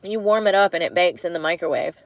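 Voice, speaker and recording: Speaking quickly in a rather low voice, a young vlogger chats while eating in her parked car. She's relaxed, laughs often, and there's no echo on the recording.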